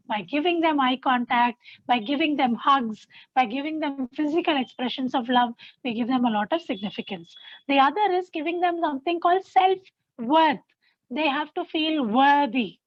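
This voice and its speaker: A woman's voice: high-pitched, no room sound. A woman giving an earnest teaching talk on parenting at a mothers' fellowship. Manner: earnest, repetitive, gently instructive. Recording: dry, slightly muffled recording.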